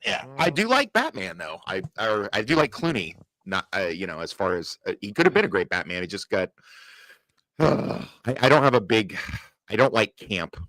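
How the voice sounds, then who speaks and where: A man co-hosting a casual podcast chat, opinionated, animated and swearing freely. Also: fairly low pitch, normal speed, dry recording. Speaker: podcast co-host.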